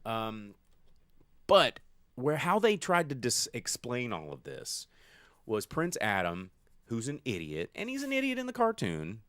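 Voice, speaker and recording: A man co-hosting a casual movie-review podcast, rambling and animated, acting out lines in silly voices. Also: medium pitch, measured pace, no room sound. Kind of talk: casual chat. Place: studio.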